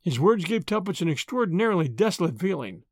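A man narrating an audiobook in an expressive storytelling way. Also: high voice, fast, dry recording, clean studio sound.

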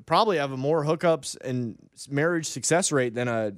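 A man's voice: mid-range voice, normal speed, dry recording, studio quality. A man co-hosting a casual podcast chat, explaining things in a rambling, enthusiastic way. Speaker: podcast co-host.

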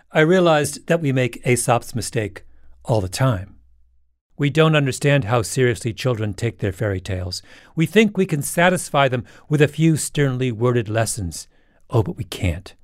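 A man's voice: mid-range voice, expressive, normal speed, no echo, studio quality. A man hosting a podcast, delivering scripted storytelling narration in a wry, dramatic way. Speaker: podcast host.

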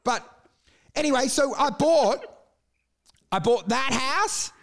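Man, high voice, middle-aged, crude, animated storyteller. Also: takes it slowly, vocal fry. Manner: crude, animated, laughs through stories. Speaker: guest telling stories. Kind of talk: casual storytelling chat.

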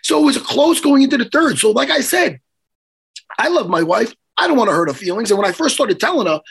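Hoarse, animated man telling a story. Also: very high-pitched, fast. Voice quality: hoarse, worn voice. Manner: animated, profane, acts out quotes. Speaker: podcast host. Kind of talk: casual storytelling chat.

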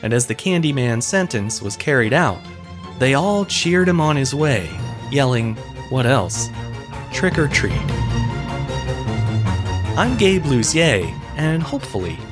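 A man's voice: mid-range voice, big pitch swings, normal speed, over music. Wry man narrating a history podcast. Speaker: podcast host.

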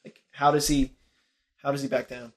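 A young man co-hosting a casual chat, retelling a film's plot with lively delivery and quick imitations of the characters' lines. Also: mid-range voice. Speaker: podcast co-host. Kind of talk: casual movie recap chat.

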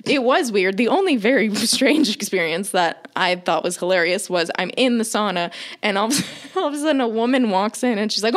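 A young woman co-hosting a casual podcast chat, telling a story in an animated way and acting out the voices of the people in it. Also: medium pitch, fairly quick. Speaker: podcast co-host.

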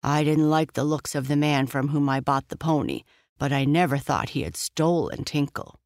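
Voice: medium pitch, normal speed, darkish tone, no room sound, close to an everyday voice. A fair-minded circus owner speaks plainly and evenly, as a bedtime narrator reads him. The storybook recording is dry and close.

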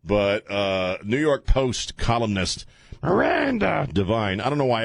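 A man's voice: medium pitch, very animated, moderate pace, vocal fry, no room sound, studio quality. A man hosting a talk radio show, rambling and joking with frequent laughs and filler stumbles. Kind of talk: casual talk radio monologue.

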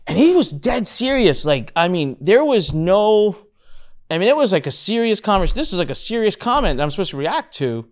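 A man hosting a casual talk show, telling a story in a frank, animated way with casual swearing and laughter. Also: high voice, normal speed. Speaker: podcast host.

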